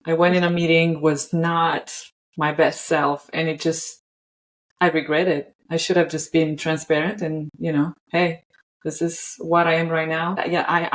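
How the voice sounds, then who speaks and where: A woman with a low-pitched voice hosts a casual podcast interview, effusive and enthusiastic. She stumbles over words and often restarts her sentences, and the audio quality is poor.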